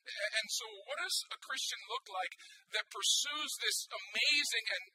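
High, lively, husky-voiced man preaching. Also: normal speed, low-quality recording. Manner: animated preaching, repeats words, asks the congregation "right?". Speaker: pastor. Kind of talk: sermon.

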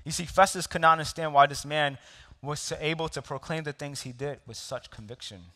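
Bright-voiced storytelling pastor in a hall. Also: male voice, on the high side, fairly quick. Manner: storytelling with laughs and audience asides. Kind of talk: sermon. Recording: long hall reverb.

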